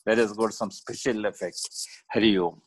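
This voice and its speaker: A man's voice: fairly low pitch, fairly even intonation, moderate pace, no echo, low-quality recording. A man who asks questions and shares experiences hesitantly, with frequent fillers. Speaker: co-host asking questions. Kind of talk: casual discussion.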